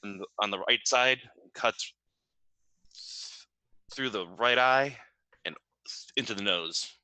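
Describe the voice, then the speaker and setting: Sharp-toned man thinking aloud at a game. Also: fairly low pitch, slow pace, no room sound, rough recording. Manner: thinks aloud, joking and hesitant. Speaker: player. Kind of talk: casual chat at a tabletop game.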